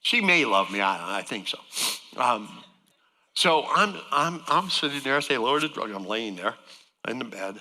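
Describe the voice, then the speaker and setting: Guy giving a joking testimony in a church, really bright voice, echoey. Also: mid-range voice, big pitch swings, unhurried. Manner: folksy, joking storytelling. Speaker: guest speaker. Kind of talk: personal testimony to a congregation.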